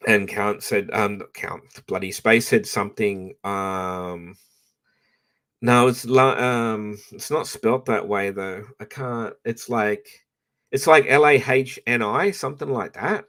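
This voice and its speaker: A man's voice: on the low side, slow, a bit bright. An Australian man ranting casually to his live-stream audience, blunt and profane, rambling with frequent restarts.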